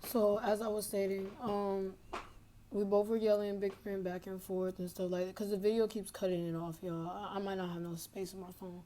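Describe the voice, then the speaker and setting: A woman's voice: medium pitch, level tone, moderate pace, mellow, a little hiss or hum. Young woman caller telling a story. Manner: rambling, fillers like "blah, blah". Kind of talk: casual storytelling.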